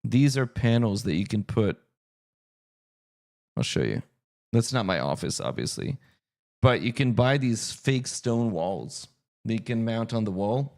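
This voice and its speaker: Male streamer, casual live chat, thinks out loud, answers chat, animated and expressive. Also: mid-range voice. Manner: chatty, thinks aloud, answers viewer chat. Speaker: streamer and game master.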